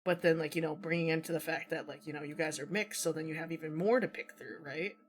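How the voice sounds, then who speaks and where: A man with a Midwestern American accent, whose first language was Vietnamese, hosting a casual online chat in a relaxed, chatty way. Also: on the high side, fast talker. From United States. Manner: relaxed and chatty, many fillers and laughs. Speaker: stream host.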